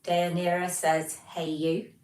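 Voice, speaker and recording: A woman's voice: fairly low pitch, level tone, takes it slowly, darkish tone, slight background noise. A British woman hosting a casual livestream chat. She greets viewers and reads their messages aloud, with plenty of ums. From Britain. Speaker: livestream host. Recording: roomy echo, distant mic.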